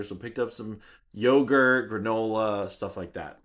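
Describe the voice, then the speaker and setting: A man with a YouTube channel, telling a personal story in an animated, self-mocking way. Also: medium pitch, unhurried. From Canada. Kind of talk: vlog storytelling.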